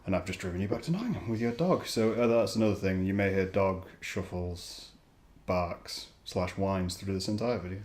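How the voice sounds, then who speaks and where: A young man from England hosts a casual podcast chat in a lowish voice, easygoing and quick to laugh. A faint hum of room ambience sits under him. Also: darkish tone. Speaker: podcast host.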